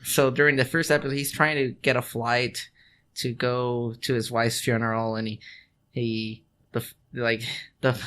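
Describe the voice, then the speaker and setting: A man's voice: medium pitch, little pitch movement, normal speed, fairly bright tone. A man co-hosting a casual podcast, telling a story in a loose, rambling way. He swears freely, restarts his sentences again and again, and breaks into laughs. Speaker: podcast co-host. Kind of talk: casual chat.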